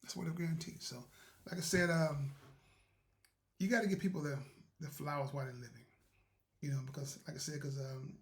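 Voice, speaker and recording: A man's voice: on the high side, steady tone, fairly quick, vocal fry, pauses often. A man hosting a motivational show, telling a rambling, folksy story about doing right and offering spiritual encouragement. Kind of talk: casual storytelling monologue.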